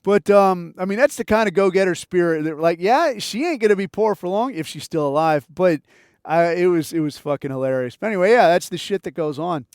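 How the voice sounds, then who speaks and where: A man hosting a podcast, telling a story in a casual, profane, animated way and acting out the quotes. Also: high voice, fairly quick, smooth, dry recording, studio quality. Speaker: podcast host.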